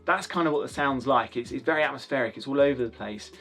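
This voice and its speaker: A man's voice: medium pitch, quick pace, a bit bright, soft background music. A man from the UK giving a chatty, rambling spoken review of hi-fi speakers, with lots of restarts and fillers.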